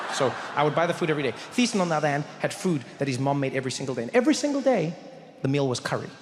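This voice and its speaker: A man telling an animated stand-up story on a theater stage. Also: on the high side. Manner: animated, acts out the voices of others. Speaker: stand-up comedian. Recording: echoey live theater hall.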